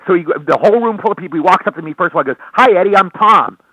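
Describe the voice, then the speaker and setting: A middle-aged man, an actor, telling stories in an excitable, rambling way during an interview. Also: fairly high pitch, husky, dry recording. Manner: excitable storyteller, quick rambling delivery. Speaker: actor guest. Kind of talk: casual interview over phone. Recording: tinny dry phone line.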